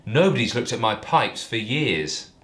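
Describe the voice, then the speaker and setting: A man voicing a prim, flustered lonely woman in a high falsetto. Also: sing-song, unhurried, fairly bright tone.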